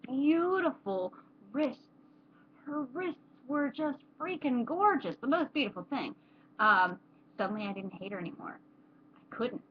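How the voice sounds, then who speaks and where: A woman's voice: medium pitch, highs cut off, slight background noise. A young adult woman chatting casually to camera in a rambling way, with many fillers. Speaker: vlogger.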